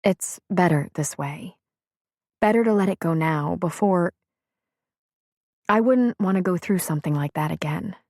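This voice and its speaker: A woman's voice: lowish voice, measured pace, long pauses, a little mellow, no room sound, clean studio sound. Woman reading a hurt, guarded young woman. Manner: hesitant, wounded. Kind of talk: audiobook character reading.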